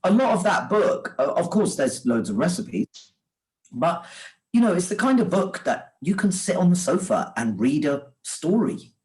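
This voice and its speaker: A man who is both an author and a sandwich shop owner tells stories in a casual video-call chat, his voice on the high side and the recording rough. He's animated, laughing often and restarting his sentences quickly.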